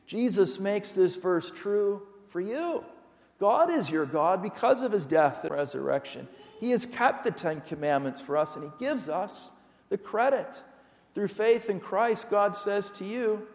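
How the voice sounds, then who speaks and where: A man's voice: high-pitched, expressive, unhurried. A man preaching a sermon as pastor, earnest and emphatic, asking his listeners pointed rhetorical questions. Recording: long hall reverb.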